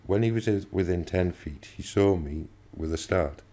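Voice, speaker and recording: A man narrating a novel in the first person with a steady, measured delivery. His voice is extremely deep, with a dark, mellow tone. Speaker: audiobook reader.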